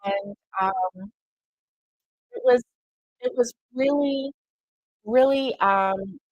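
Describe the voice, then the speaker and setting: A woman's voice: a little high, drawn-out words, dry recording, dull audio, soft background music. A middle-aged woman telling a rambling story in a casual chat, full of fillers and quoted dialogue. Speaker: crochet vlogger.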